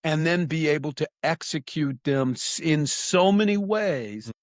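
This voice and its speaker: A talkative, animated man speaking as a guest in a conversational podcast interview, often restarting his sentences. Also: fairly high pitch, unhurried, no room sound, clean studio sound.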